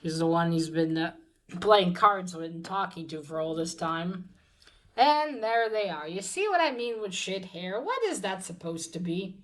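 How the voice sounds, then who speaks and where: A woman's voice: lowish voice, expressive, unhurried, a bit bright, low-quality recording. Casual, profane woman reviewing a comic. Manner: casual and profane, with frequent fillers and restarts.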